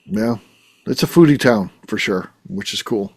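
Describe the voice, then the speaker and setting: A man's voice: on the low side, animated, moderate pace, husky, dry recording, studio quality. A man hosting a podcast, chatting casually and agreeing often with short replies. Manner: agreeable, many short affirmations. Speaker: podcast host. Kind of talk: casual chat.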